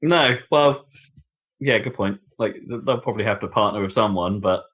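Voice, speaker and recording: Podcast co-host, lowish voice, loose chatty storyteller with frequent laughs. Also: male voice, moderate pace, breathy edge, muffled recording. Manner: chatty storyteller, laughs often, trails off and restarts. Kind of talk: casual chat.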